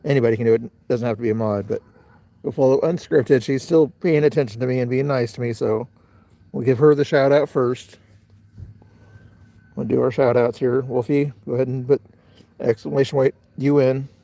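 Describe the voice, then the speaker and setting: A man's voice: mid-range voice, fairly even intonation, moderate pace, gravelly, warm tone, dry recording. A middle-aged man hosting a casual livestream outdoors, rambling and talking straight to his chat. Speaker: livestream host.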